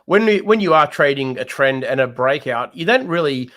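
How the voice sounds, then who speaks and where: A man's voice: mid-range voice, lively intonation, moderate pace, fairly bright tone. Man explaining trading to viewers. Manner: explanatory, addresses viewers directly. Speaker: co-host and trading mentor. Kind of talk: live market analysis chat.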